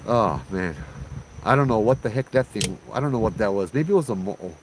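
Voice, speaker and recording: A man's voice: on the low side, expressive, fairly quick, noisy background. A man from Hawaii telling a ghost story in a laid-back, chatty way, using slang and laughing often.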